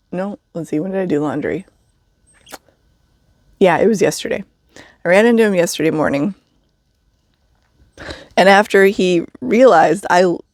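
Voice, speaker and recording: A woman's voice: on the low side, a little mellow, no echo, clean studio sound. A woman telling a story in a casual vlog, chatty, with wry asides and frequent laughs. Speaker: vlogger living in a vehicle.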